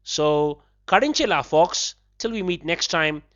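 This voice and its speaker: A man hosting a podcast, teaching a language lesson in a measured way, repeating phrases slowly and breaking them into syllables. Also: fairly high pitch, animated, a bit bright. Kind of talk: slow, careful language lesson. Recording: slightly dull, lo-fi podcast audio.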